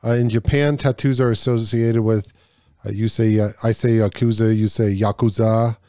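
A man's voice: mid-range voice, steady tone, normal speed, warm tone, no room sound, studio quality. A man hosting a casual podcast, reading trivia questions aloud in a loose, joking way with stumbles and swearing.

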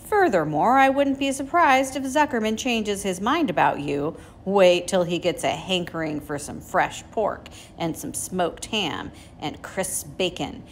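A woman voicing a bloated, gluttonous male rat in a storybook reading, with a husky, hoarse voice. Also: lowish voice, lively intonation, a little slow, few pauses, a little hiss or hum. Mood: sneering.

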